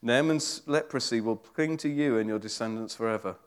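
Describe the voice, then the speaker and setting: A man preaching a sermon voices a stern old male prophet who delivers a slow, solemn rebuke. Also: medium pitch, smooth, voice pushed down, close to an everyday voice. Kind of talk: sermon storytelling.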